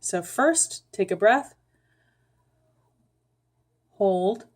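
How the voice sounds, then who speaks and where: A woman giving a calm, unhurried voice lesson, guiding the listener step by step with frequent ums. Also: medium pitch. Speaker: voice teacher. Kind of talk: vocal instruction with sung demonstrations.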